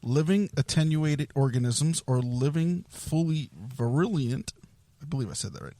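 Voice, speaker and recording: A man's voice: a little high, normal speed, mellow, no echo. A man hosting a casual podcast, reading an article aloud and stumbling over long words. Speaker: podcast host.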